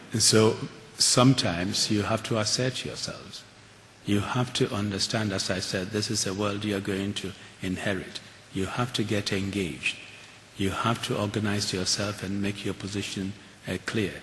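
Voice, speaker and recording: An older man giving a keynote talk and answering audience questions, earnest and measured, with frequent restarts. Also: fairly low pitch. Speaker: keynote speaker. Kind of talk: lecture and audience Q&A. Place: large auditorium. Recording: hall reverb with faint hiss.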